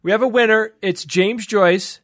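A man's voice: sits high, a little slow, fairly bright tone, no echo, clean studio sound. A man hosting a podcast segment in casual panel chat, playful and laughing often.

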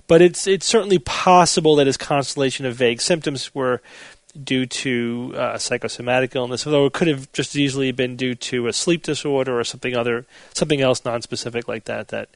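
A man hosting a podcast panel, explaining facts in a measured, steady way. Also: medium pitch, dry recording. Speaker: podcast host. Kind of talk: casual panel chat.

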